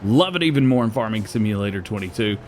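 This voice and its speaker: A man's voice: fairly low pitch, expressive, fast talker, a little mellow, a little hiss or hum. A man hosting a gaming channel, giving chatty gameplay commentary and laughing often, while he is losing his voice.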